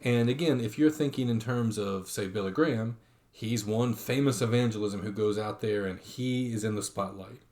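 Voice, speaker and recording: Low-voiced man giving an online lecture. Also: normal speed, darkish tone. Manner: reads quotations aloud, many fillers and restarts.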